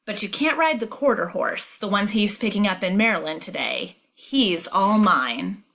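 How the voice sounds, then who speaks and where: A woman reading the lines of an excited boy who loves horses, eager and indignant, in a storybook read-aloud. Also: medium pitch, moderate pace, vocal fry. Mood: boastful.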